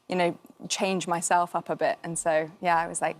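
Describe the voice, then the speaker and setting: A woman's voice: fairly low pitch, flat delivery, normal speed. A woman in her thirties, an actress guest chatting casually, full of fillers and ready laughter. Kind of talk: casual chat.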